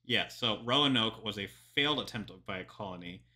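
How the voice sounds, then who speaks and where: A man's voice: fairly low pitch, animated, normal speed, sharp tone. A young man, a historian, reacting to a history video in casual chatty commentary with lots of ums and joking asides.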